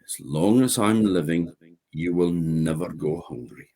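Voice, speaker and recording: Guy doing a generous orkney mum, gentle and firm, deep and husky. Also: a little slow. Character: kind generous mother, firm.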